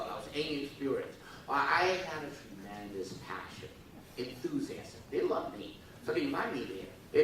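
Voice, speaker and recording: A man's voice: mid-range voice, slight background noise. A man giving a humorous lecture to students, acting out little dialogues and coaxing the audience to laugh and repeat after him. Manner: animated, acts out dialogues in funny voices. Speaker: forum speaker. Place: university lecture hall. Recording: echoey hall, voice from far off.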